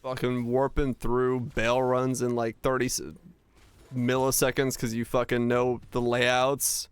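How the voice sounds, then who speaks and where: A man's voice: mid-range voice, completely flat delivery, measured pace, clear, resonant tone. A young man streaming a game, chatting casually and swearing freely while he plays. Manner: casual, profane, chatty with chat. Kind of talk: casual gaming stream chat.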